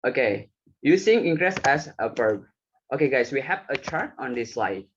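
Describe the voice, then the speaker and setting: A man's voice: medium pitch, very animated, moderate pace, highs cut off, slight background noise. A young man giving a class presentation, reading from slides with some hesitant fillers. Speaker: student presenter.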